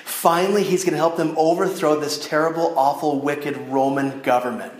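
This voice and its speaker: A man's voice: a little high, normal speed, a little hiss or hum. A man giving a storytelling sermon to a youth audience from the stand of a church chapel, talking straight to his listeners. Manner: animated storytelling that addresses the audience directly. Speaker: youth speaker. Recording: echoey chapel room.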